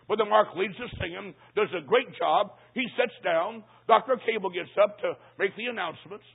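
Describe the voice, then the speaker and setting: Brief: high-pitched, gravelly male preacher, folksy comic sermon storytelling, tinny lo-fi recording. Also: moderate pace. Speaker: traveling preacher. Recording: tinny phone-like sound.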